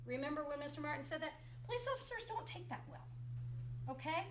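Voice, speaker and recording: A woman's voice: sits high, animated, fast talker, highs cut off, slight background noise. A middle-aged woman prosecutor giving a courtroom closing argument, sarcastic, firing rhetorical questions and mimicking others.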